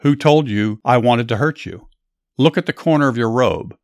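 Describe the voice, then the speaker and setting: A man voices a young warrior in a Bible story, earnestly and insistently pleading his innocence. The clean studio recording has no room sound; his medium-pitched, expressive delivery moves at a normal speed, pitched above his own voice yet close to an everyday one.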